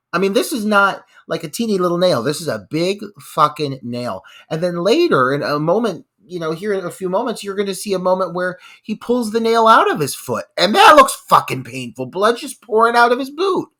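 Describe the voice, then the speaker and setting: Lively, expressive man on a podcast. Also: high voice, brisk, few pauses. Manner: expressive, swears, reacts with disgust. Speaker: podcast co-host. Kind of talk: casual movie discussion.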